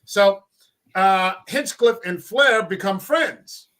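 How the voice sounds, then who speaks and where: A man hosting a casual podcast chat, telling profane, animated stories and acting out quoted lines. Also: high voice, slow. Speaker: podcast host.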